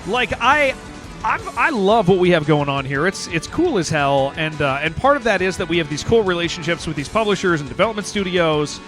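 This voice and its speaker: A man streaming games and chatting casually with viewers, excitable and rambling, saying "man" and "dude" all the time. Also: high voice, fairly quick, faint music behind. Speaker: game streamer. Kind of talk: casual livestream chat with viewers.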